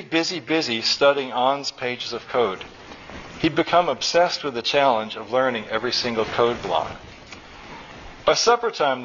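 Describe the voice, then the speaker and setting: A man reads his own fiction aloud to a live audience, in a mid-pitched voice, wry and animated. The recording is slightly dull, with faint room hiss. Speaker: author reading his story. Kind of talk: public fiction reading. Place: college hall, live.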